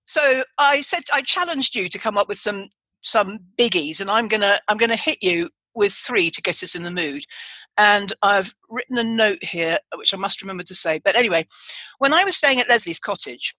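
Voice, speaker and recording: A woman hosting a chatty podcast, her voice bright and forward. She wanders through her points with plenty of restarts and side remarks. The sound is close and dry, with no room around it. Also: medium pitch, animated, normal speed, no room sound. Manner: rambling, with many restarts and asides. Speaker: podcast host. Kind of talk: casual chat.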